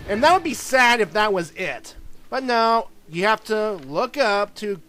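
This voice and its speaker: High-voiced man commenting on gameplay. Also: expressive, measured pace, sharp tone. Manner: rambling, often squeamish groans of disgust. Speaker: let's play host.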